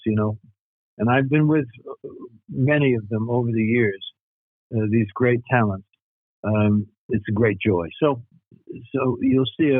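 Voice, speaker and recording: A man's voice: medium pitch, breathy edge, dry recording, phone-quality sound. An older man, an actor, chatting in an interview with many restarts and fillers. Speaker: actor guest. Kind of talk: casual interview chat.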